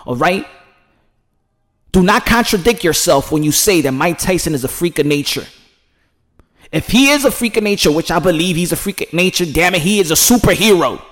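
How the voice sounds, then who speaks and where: A man giving passionate, preachy commentary in a vlog, swinging from hushed to loud and emphatic. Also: fairly high pitch, a little fast. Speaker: commentary vlogger.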